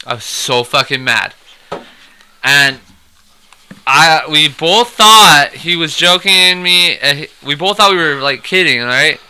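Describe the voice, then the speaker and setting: A man's voice: on the high side, expressive, slow, bright, forceful tone, smooth. A man co-hosting a casual beer podcast, talking in an exasperated, rambling, profane way. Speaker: podcast co-host. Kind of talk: casual chat.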